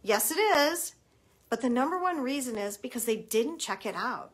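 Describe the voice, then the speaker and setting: A middle-aged woman talks to parents as a college admissions consultant. Her voice sits a little high, and she speaks emphatically, stressing her key points. She slips into short acted-out bits of quoted dialogue along the way. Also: expressive, normal speed, slightly rough. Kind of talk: advice talk to parents.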